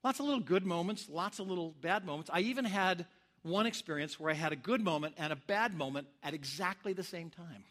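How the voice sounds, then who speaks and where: Male pastor, high bright voice, animated storytelling sermon, acts out quotes. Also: brisk.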